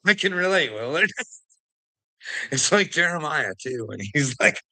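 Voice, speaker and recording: Male ranter, gravelly voice with a bright edge, profane and confrontational. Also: a little high, very animated, a little slow. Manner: profane, confrontational, laughs mid-rant. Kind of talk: ranting monologue to camera.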